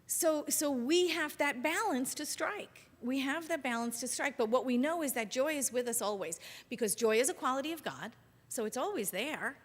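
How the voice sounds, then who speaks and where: A woman's voice: high voice, moderate pace, long reverb tail. A woman minister giving a sermon in a loose, chatty way, often turning to the congregation with questions. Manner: conversational and animated, asks the congregation questions.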